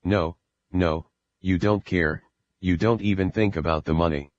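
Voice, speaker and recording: A furious, short-tempered father barking insults at his child, read by a man in a very low voice. The sound is dry and a little muffled, like an audiobook on a lo-fi recording. He scolds and threatens in every line. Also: steady tone, measured pace, dry recording. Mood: angry scolding. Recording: dull lo-fi recording.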